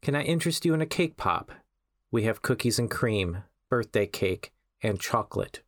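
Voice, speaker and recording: A man voicing an emotionless young female barista who speaks in a deadpan, flat monotone. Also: lowish voice, normal speed, no echo, studio quality.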